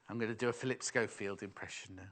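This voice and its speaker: A man's voice: lowish voice, a bit bright. A middle-aged man presenting live sales on TV, chatty and teasing as he banters with his crew. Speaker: shopping channel presenter.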